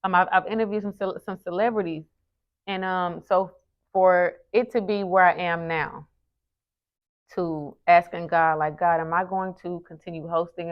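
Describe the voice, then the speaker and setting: A woman in her thirties speaks to her viewers in an earnest, animated way, stumbling and restarting her phrases. Her voice sits slightly low. The recording is muffled and lo-fi. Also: clear, resonant tone. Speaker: lifestyle vlogger and event host. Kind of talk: casual talk to camera. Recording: muffled lo-fi sound.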